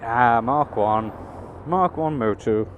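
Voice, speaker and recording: A man's voice: mid-range voice, takes it slowly, phone-quality sound. Man chatting from his motorbike. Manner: swears freely, chatty and wry. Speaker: motorcycle vlogger. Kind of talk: casual chat while riding. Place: on a motorbike in city traffic. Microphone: helmet camera mic. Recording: road and engine noise.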